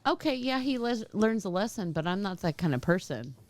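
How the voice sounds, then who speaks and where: A woman's voice: medium pitch, animated, fairly quick, no echo. A woman in casual podcast chat, brash and joking about herself. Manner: brash and joking, calls herself a hard bitch.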